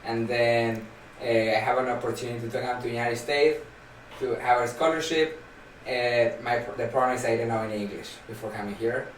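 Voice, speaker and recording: A man's voice: mid-range voice, fairly quick, distant mic, a little hiss or hum. A young man from Argentina with an Argentine Spanish accent, chatting as a podcast guest in a rambling way with many fillers. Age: young adult. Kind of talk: casual podcast chat. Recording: echoey room, off-mic, faint ambience.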